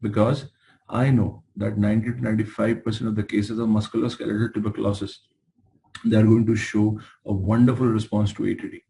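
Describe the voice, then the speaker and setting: Low, mellow Indian English lecturer. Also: male voice, fairly quick, gravelly, rough recording. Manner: animated storytelling, emphatic and exasperated. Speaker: medical lecturer. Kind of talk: lecture with acted patient dialogues.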